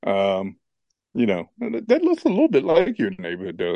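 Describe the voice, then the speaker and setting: A man co-hosting a podcast, telling stories in a casual, animated way and laughing often. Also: mid-range voice, moderate pace, creaky, no echo, highs cut off. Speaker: podcast co-host. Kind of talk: casual chat and storytelling.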